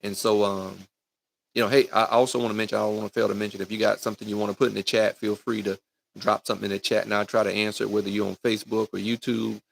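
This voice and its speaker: Man, middle-aged, youth football coach, gravelly low voice, livestream pep talk, speaks straight to parents. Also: little pitch movement, fast, a little hiss or hum. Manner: folksy, preachy, addresses parents and kids directly with lots of "right?" and "man". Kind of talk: live-streamed motivational talk.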